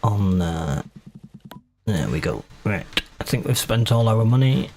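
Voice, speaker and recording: A man's voice: on the low side, expressive, a little slow, darkish tone. A man casually commenting on his own gameplay while streaming, chatty and self-mocking as he talks to himself.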